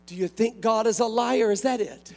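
A man preaching a sermon as pastor, growing impassioned, shouting and stretching out phrases for emphasis. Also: high-pitched, moderate pace.

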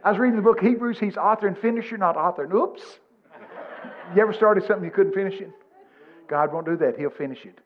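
A man, preaching a sermon in a folksy, animated storytelling way, quoting scripture. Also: sits high, rapid-fire, lo-fi sound. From Texas. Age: 70s.

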